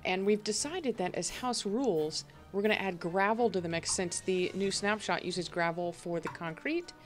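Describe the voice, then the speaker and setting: A woman's voice: medium pitch, moderate pace, soft background music. A woman hosting a multiplayer game session over voice chat, explaining the rules at length with fillers. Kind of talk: casual gaming chat over voice call.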